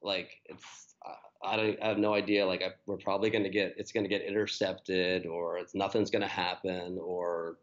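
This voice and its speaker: A man's voice: low-pitched, flat delivery, normal speed, lo-fi sound. A man, a guest on a running podcast, telling his race story in a casual, rambling way with many fillers and restarts.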